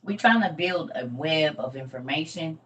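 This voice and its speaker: A woman's voice: low-pitched, animated, normal speed, fairly bright tone. A middle-aged woman, rambling and folksy as she hosts a casual livestream lesson. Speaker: livestream host and teacher. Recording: distant mic with faint background noise.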